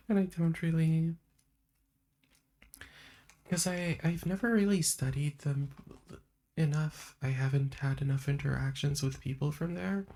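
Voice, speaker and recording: A woman hosting a live stream in a soft-spoken ASMR chat style, talking in a meandering way and laughing often. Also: low-pitched, measured pace, long pauses. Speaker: livestream host. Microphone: streaming microphone.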